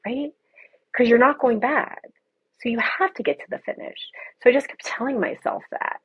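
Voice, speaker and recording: A woman's voice: on the high side, slightly rough. A woman guest candidly telling her recovery story in a blunt, casual way, swearing freely. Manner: blunt, swears casually, reenacts own past words. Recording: tinny phone-like call line.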